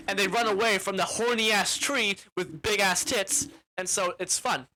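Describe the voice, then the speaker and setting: A reviewer rambles through a plot summary, stumbling and correcting themselves as they go and swearing offhandedly. The voice is bright and clear at a middle pitch. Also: moderate pace, slight background noise, low-quality recording. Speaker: film reviewer. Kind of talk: casual plot recap.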